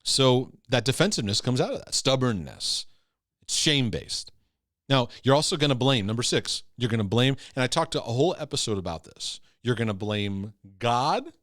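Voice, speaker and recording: A man teaches with a lively, swooping voice, hammering home key phrases and often checking in with "right?" and "okay?". He sounds close and dry, with no room sound around him. His delivery is earnest and emphatic, as in a recorded Christian teaching. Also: mid-range voice, a little fast, dry recording. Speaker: Christian teacher and former pastor. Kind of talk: teaching talk to camera.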